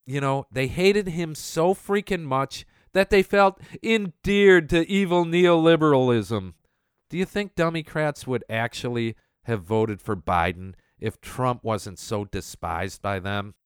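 A man's voice: mid-range voice, measured pace, clear, resonant tone, no echo, clean studio sound. A man hosting a show, ranting in scornful political commentary with a sneering, mocking manner. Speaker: podcast host.

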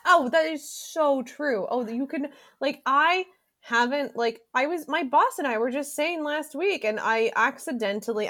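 Young woman podcast cohost, highish voice, playful, self-mocking. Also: fairly bright tone. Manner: self-deprecating, playful, talks to listeners as guys. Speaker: podcast co-host. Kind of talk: casual chat.

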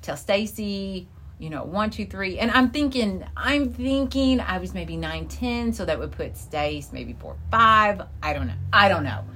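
A middle-aged woman co-hosting a podcast in casual chat, telling lively stories and jumping into a high voice when she quotes people. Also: a little slow. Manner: animated storyteller, voice jumps high when quoting. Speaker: podcast co-host.

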